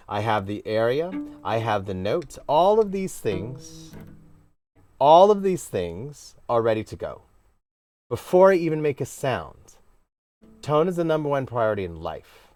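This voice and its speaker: A man gives a casual cello lesson, his pitch swinging widely as he stresses each point. He teaches playfully and emphatically, with sudden exclamations. The sound is close and dry, with no room around it. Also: no room sound. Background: cello playing.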